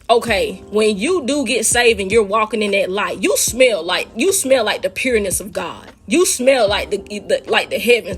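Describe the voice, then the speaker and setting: A woman telling her own faith story and teaching listeners, talking to them casually and with animation. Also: mid-range voice. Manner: animated, talks straight to listeners as "y'all". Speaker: speaker sharing a faith testimony.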